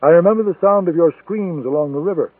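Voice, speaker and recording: A man voicing a cold, menacing male assassin who taunts in a deliberate, threatening way. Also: on the high side, breathy edge, no room sound, recorded from a distance, voice pushed up. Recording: tinny phone-like sound, dry.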